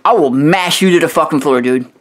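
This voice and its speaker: A man on a profane, aggressive rant, voice sitting a little high for a man. He swears constantly and trips over his own words, repeating the start of a phrase several times before pushing on. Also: a little fast. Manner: aggressive, swearing, repetitive stammering restarts. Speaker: video host roasting another creator.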